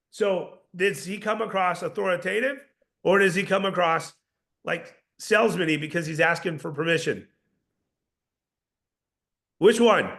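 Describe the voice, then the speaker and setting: A sales trainer with a gravelly, somewhat raised male voice runs a live session for his team. He fires off rhetorical questions and restarts his sentences as he coaches. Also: high-pitched, bright, forceful tone.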